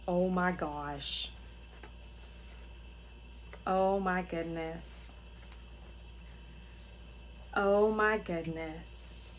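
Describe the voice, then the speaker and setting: A woman's voice: fairly low pitch, fairly even intonation, very slow, long pauses, slight background noise, poor audio. A middle-aged woman, hosting a casual unboxing vlog and gushing with delight to her viewers. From Florida. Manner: gushing, exclaims often, talks to viewers. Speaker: craft channel host.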